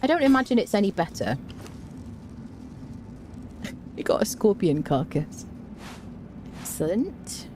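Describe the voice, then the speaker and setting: A woman's voice: medium pitch, very animated, a little slow, pauses often, noisy background. A woman streaming a game, giving chatty live commentary, talking to her chat and humming to herself as she plays.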